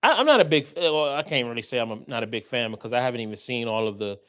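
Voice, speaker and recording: Excitable swearing man in casual chat. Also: medium pitch, rapid-fire. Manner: loud, excitable, swears freely. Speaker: podcast co-host.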